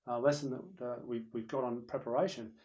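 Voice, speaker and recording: A man teaches presentation skills in a recorded lecture, turning to the viewer and to someone in the room, a space with a camera operator. Animated and conversational, he illustrates loud versus soft voices at a fairly quick pace with medium pitch, though the audio is poor.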